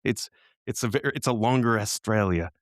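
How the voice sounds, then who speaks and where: A man's voice: on the low side, normal speed, no echo, studio quality. A man co-hosting a podcast in casual chat, talking in a rambling, easygoing way and laughing easily. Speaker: podcast co-host.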